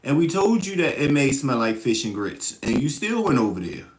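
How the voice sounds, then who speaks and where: A man's voice: mid-range voice, sing-song, moderate pace. A man hosting a casual livestream, answering viewer comments, laughing often and teasing the commenters playfully. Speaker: livestream host.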